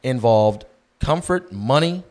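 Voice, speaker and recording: Earnest, halting man talking about ministry. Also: mid-range voice, expressive, darkish tone. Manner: earnest, halting, with many ums and restarts. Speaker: guest aspiring to ministry. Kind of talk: casual Christian discussion.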